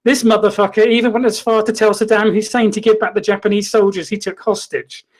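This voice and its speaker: A man hosting a comedy show, reading a mock-documentary story in a deadpan, mock-dramatic way. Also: sits high, a little fast. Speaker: comedy host. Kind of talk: mock-documentary comic narration.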